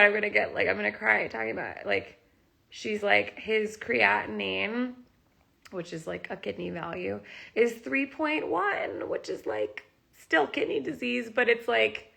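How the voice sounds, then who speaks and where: Woman rambling on a phone live stream, slow and bright, a little gravelly. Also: fairly low pitch. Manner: emotional, rambling, many "like"s. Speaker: kitten rescuer talking on a live stream. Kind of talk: casual live-stream chat.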